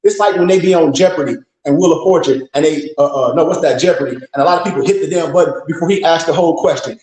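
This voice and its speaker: A middle-aged man with a high voice and an African American Vernacular English accent lectures bluntly, swearing and scolding as he goes. The sound is echoey, as if recorded in a bare room. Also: fast talker, few pauses, darkish tone. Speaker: temple leader. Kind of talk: fiery streetwise lecture.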